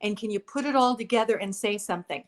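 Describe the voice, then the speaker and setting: A woman hosting a casual interview chat, lively and playful with her guest. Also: mid-range voice, fast. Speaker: host.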